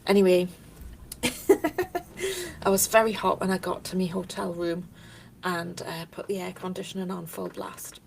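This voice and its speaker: A woman's voice: fairly low pitch, little pitch movement, a little fast, creaky, a little hiss or hum, rough recording. A woman talking casually to camera in a chatty, rambling way, drifting off topic and laughing often. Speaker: vlogger.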